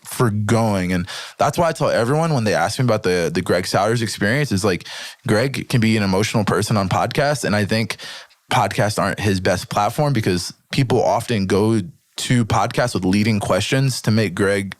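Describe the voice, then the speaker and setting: A man in casual podcast talk, telling his story with animated energy and swearing freely. His voice sits a little low and sounds close and dry, with no room around it. He keeps slipping into livelier voices to act out what people said. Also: normal speed, dry recording. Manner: acts out quoted speech in a livelier voice. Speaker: podcast guest, jiu-jitsu athlete.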